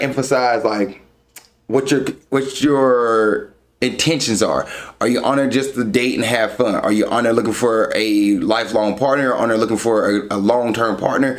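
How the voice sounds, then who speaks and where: A man's voice: medium pitch, normal speed. Frank, chatty man giving dating advice. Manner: conversational and frank, answering questions one by one. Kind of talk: casual advice talk.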